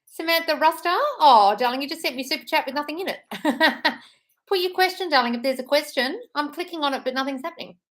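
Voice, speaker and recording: A woman's voice: sits high, fast, fairly bright tone. A British woman in her thirties hosting a live stream, reading out chat messages and answering them in an affectionate, earnest way. She keeps calling her listeners darling.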